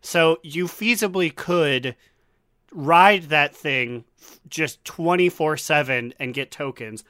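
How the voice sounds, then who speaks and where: A man's voice: a little high, slow pace, pushed and bright, no room sound, clean studio sound. A man co-hosting a casual gaming podcast, rambling and playful with frequent giggles. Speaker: podcast co-host.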